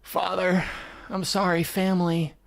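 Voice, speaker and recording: A man's voice: sits high, flat delivery, measured pace, vocal fry. A man reading a comic aloud and reacting as he goes. He talks casually, swears often and sighs between thoughts. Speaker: manga reader reacting. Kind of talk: live reading reaction commentary.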